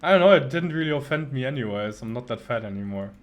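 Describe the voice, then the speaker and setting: A man's voice: mid-range voice, animated, quick pace. A man co-hosting a podcast, telling a story in a rambling, casual way with many restarts. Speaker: podcast co-host.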